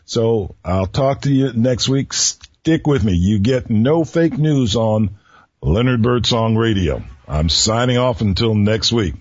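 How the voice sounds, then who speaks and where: A male radio host speaks slowly in a husky voice, teasing listeners with riddles in a folksy manner. The recording is dry and somewhat dull, like a small radio studio feed. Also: on the low side, lively intonation. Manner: slow, folksy, teasing delivery. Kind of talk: solo radio talk with riddles.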